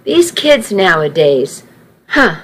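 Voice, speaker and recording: A woman's voice: lowish voice, big pitch swings, slow pace, full character voice. A woman voicing gossiping, tutting old ladies in a story. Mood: gossipy. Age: older. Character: gossipy old women on a porch.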